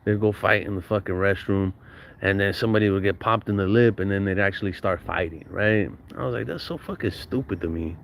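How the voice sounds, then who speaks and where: A man's voice: on the low side, fairly even intonation, fairly quick, vocal fry, a bit bright, a little hiss or hum. Slangy, profane man telling stories. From Southern California. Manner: slangy, profane, laughs often. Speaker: podcast guest storyteller. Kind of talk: casual storytelling.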